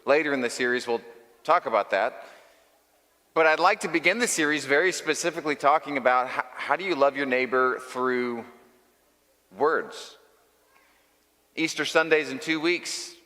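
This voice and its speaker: Bright, forceful male pastor in a reverberant hall. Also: mid-range voice, moderate pace, pauses often. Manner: storytelling, emphatic with short punchy phrases. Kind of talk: sermon.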